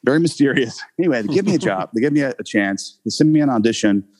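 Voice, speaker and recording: A man telling a story about his early acting career in a relaxed interview, rambling with many fillers and frequent laughs. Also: medium pitch, fast talker. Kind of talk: casual anecdote in an interview.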